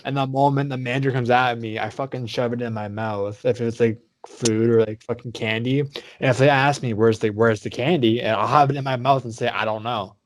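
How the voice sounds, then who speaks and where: A man's voice: mid-range voice, fairly even intonation, a little fast, no echo. Hesitant swearing podcast guy. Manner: hesitant, rambling, swears a lot. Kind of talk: casual podcast chat.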